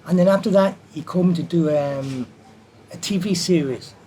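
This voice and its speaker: Man, animated storyteller, acts out quotes, slightly high voice, faint background hum. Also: normal speed. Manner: animated anecdote teller who acts out quotes. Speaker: martial artist and film stunt performer. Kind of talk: storytelling in an interview.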